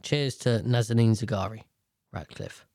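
A man's voice: fairly low pitch, sing-song, moderate pace, vocal fry, darkish tone, dry recording, clean studio sound. A man hosting a podcast, giving blunt, outspoken casual commentary and swearing freely. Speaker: podcast host.

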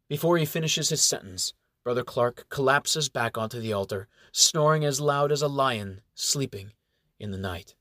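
A man reading a fantasy story aloud in a steady, measured storytelling voice. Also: medium pitch, dry recording, clean studio sound. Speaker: narrator. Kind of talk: audiobook fantasy narration.

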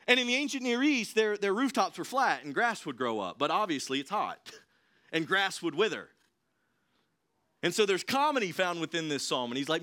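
Young guy preaching in church, chatty and animated, voice jumps around a lot. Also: sits high, normal speed. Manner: conversational, animated preaching with frequent "like". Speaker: pastor. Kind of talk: sermon. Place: church sanctuary.

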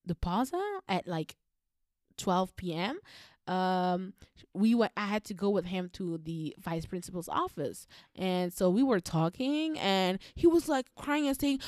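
A woman's voice: mid-range voice, expressive, unhurried, darkish tone, no echo, clean studio sound. A woman vlogger telling a personal story in a blunt, heated manner, swearing constantly. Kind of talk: storytelling monologue.

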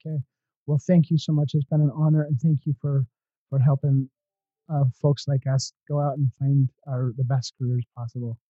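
Man, podcast host, very dark mellow voice, husky, halting chatty delivery, dry sound. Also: medium pitch, little pitch movement, no room sound, dull audio. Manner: rambling, halting restarts. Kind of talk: casual interview chat.

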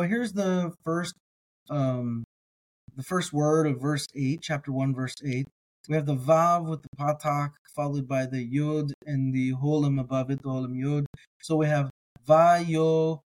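A man teaching, sounding out words slowly with pauses and restarts, then explaining in a relaxed, chatty way. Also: fairly high pitch, low-quality recording. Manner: relaxed and chatty between readings. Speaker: Hebrew teacher. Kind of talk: slow word-by-word reading lesson.

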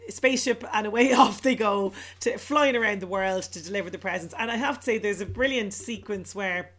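A woman's voice: medium pitch, fairly quick. Woman, co-host, casual chat, laughing retelling. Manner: laughing, animated retelling with put-on voices. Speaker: podcast co-host.

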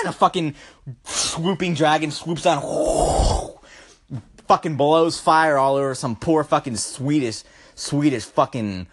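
A young man ranting in a profane comedic vlog, loud and riled up, swearing and tacking on "bro" at the end of his lines. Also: a little high. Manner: riled up, climbing into yelling at peaks.

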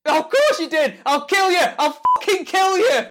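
An actor playing a drunk, brash football manager who swears and shouts in a comedy sketch. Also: male voice, extremely high pitch, sing-song, normal speed, background noise. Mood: distraught.

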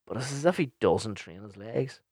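A young man with a fairly low voice, chatting on his podcast. He talks bluntly, swears freely and rambles with plenty of ums. The recording is dry and close, with no room sound. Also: expressive, moderate pace, darkish tone, husky, dry recording. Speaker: podcast host and DJ. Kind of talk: casual podcast chat, answering listener questions.

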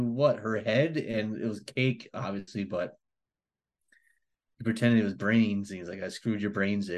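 A male podcast co-host with a somewhat low voice, chatting casually. He recaps events bluntly and sounds incredulous at what he has seen. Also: darkish tone. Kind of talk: casual chat.

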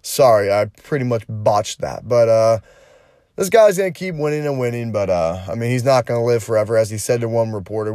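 A man's voice: medium pitch, fairly quick, darkish tone, no room sound. A man talks through the day's news in a loose, profane way, cracking jokes as he goes. His voice sits in an ordinary middle range. It is recorded dry and close, with no room sound. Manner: profane, blunt and joking. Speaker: podcast co-host. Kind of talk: casual news commentary.

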